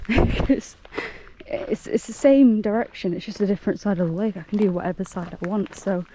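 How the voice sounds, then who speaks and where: A woman's voice: mid-range voice, normal speed, noisy background. A young woman chatting casually to camera as a hiking vlogger outdoors, rambling and laughing often.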